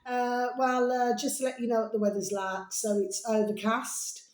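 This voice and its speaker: A slightly hoarse woman rambles in a casual chat to camera, showering her viewers with pet names. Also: fairly high pitch, fairly even intonation, moderate pace. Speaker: video blogger. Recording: roomy echo.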